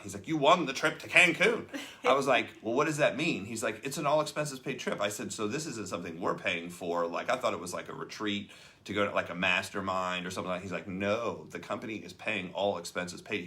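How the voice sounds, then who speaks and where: A man's voice: sits low, quick pace, fairly bright tone. A man hosting a casual talk show, telling a story and acting out the people in it. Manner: chatty storyteller acting out quoted voices. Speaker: host. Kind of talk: casual chat about a leadership book.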